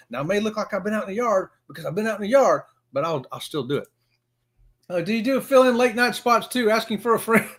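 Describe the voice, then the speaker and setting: A Florida man in his fifties with a Southern US accent hosts a casual live stream, greeting viewers by name in a folksy, excitable manner. His voice is high-pitched.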